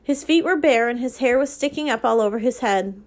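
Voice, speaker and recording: Woman, librarian, storybook reading, expressive, fairly high voice. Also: brisk.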